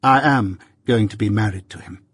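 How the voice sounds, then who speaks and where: A man voicing a cold, composed young woman who speaks calmly and with detached indifference, in an audiobook reading. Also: fairly low pitch, normal speed, breathy edge, no echo.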